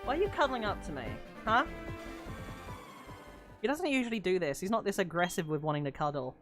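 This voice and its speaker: A woman's voice: lowish voice, animated, a little fast, faint music behind. A woman chatting casually on a live gaming stream from her home studio, swearing now and then. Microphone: studio microphone.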